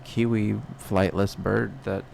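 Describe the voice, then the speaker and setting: A man's voice: fairly low pitch, flat delivery, slow pace, vocal fry, darkish tone, a little hiss or hum. A young man talking alone on a podcast in a rambling, self-questioning way, full of restarts and fillers. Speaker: podcast host. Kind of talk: personal reflective monologue.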